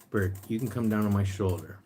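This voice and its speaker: A man hosting a casual livestream, chatting and reading viewer comments aloud, sometimes jumping into a high sing-song voice to coax his pet bird. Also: darkish tone, a little hiss or hum. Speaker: pet rescue livestream host.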